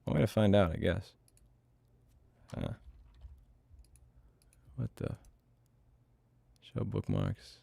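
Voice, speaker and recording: A man's voice: lowish voice, expressive, slow pace, gravelly, long pauses, warm tone, slightly rough. A middle-aged man livestreaming himself coding, in casual, blunt, profane talk, muttering to himself as he works. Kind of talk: casual livestream chat while programming.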